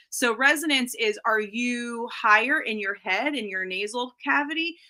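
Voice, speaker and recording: A woman speech therapist in an interview, talking through voice technique. She shows each point with her own voice as she goes. Her tone is bright and forward. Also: fairly high pitch. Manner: demonstrates voice placement while explaining. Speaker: speech-language pathologist guest. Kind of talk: explanatory interview talk.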